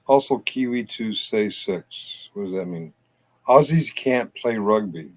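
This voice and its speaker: A man's voice: medium pitch, animated, measured pace, creaky. A man from the United States hosting a late-night live chat, rambling, reading comments aloud and laughing often. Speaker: livestream panel host.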